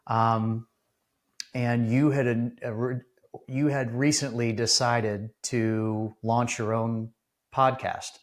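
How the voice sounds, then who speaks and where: Earnest, halting male podcast host. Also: medium pitch, level tone. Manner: earnest, halting, with many restarts. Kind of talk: casual interview talk.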